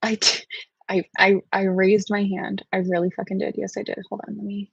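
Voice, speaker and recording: A woman hosts a casual livestream from home, rambling, sensitive and swearing freely as she talks to her chat. Her mid-range voice is gravelly with a breathy edge, delivered flat and fairly quick. The sound is dry, dull lo-fi audio from a webcam setup.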